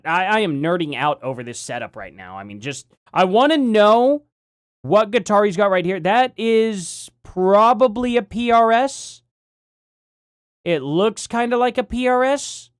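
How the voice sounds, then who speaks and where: A man's voice: sits high, animated, unhurried, smooth, no echo, clean studio sound. A man hosting a live stream, chatting casually and rambling as he reacts to his chat, often laughing.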